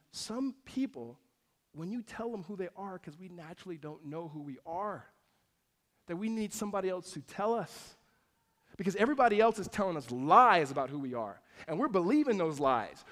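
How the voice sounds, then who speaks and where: A man, preaching a conversational sermon that swings between loud emphasis and soft asides. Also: high voice, expressive, fairly quick. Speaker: pastor.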